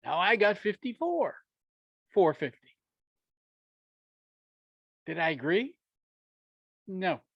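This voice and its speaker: A man telling a business story to an audience, animated and acting out the dialogue, chuckling often. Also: high voice, takes it slowly, long pauses, slightly rough, no echo, highs cut off. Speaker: speaker sharing a business story.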